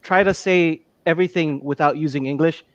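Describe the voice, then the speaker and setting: A man chatting as a guest on a video call, halting and often repeating himself. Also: on the high side, no room sound, lo-fi sound. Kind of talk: casual chat.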